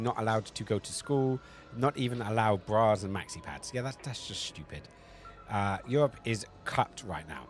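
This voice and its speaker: A man with a South London Cockney accent, chatting casually on a live stream, rambling, swearing freely and reacting to chat messages. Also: lowish voice.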